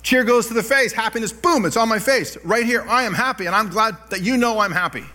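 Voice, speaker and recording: A middle-aged man preaching a sermon, telling personal stories with animated delivery and self-deprecating laughs. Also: high-pitched, a little fast. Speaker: pastor.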